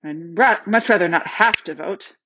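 A woman's voice: fairly low pitch, moderate pace, noisy background, lightly acted. A woman voicing the eldest boy, a young king who is torn but dutiful, speaking firmly and reasonably in a storybook reading. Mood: strained. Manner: firm, reasoning. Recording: dull, slightly lo-fi dry recording.

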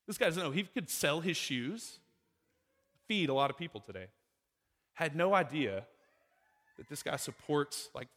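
Lively preaching man, echoing hall. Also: medium pitch. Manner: conversational preaching, rhetorical questions to the congregation. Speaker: pastor. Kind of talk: sermon.

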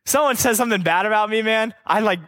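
A man with a high voice preaches a sermon. He drives each point home with repeated rhetorical questions and drops into casual, conversational asides. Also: fast talker, fairly bright tone.

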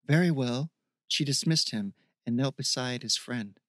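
A man's voice: mid-range voice, pushed and bright, no room sound, clean studio sound. Man narrating a fantasy audiobook. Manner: measured, evocative reading. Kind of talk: scripted narration.

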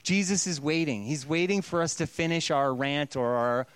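Man, pastor, sermon, high voice, playful and conversational, dry close sound. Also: normal speed, clean tone, dry recording.

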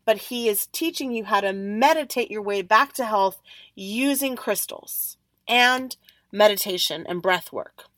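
A woman hosting a podcast, telling a story in an animated way and acting out the other people's lines. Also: medium pitch, unhurried, no room sound. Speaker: podcast host. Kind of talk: storytelling monologue.

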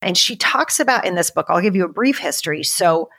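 A woman's voice: lowish voice, expressive, brisk, gravelly, a bit bright. A middle-aged woman telling personal stories as a podcast guest, emotional and laughing as she talks. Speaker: podcast guest, business mentor. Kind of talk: casual storytelling interview.

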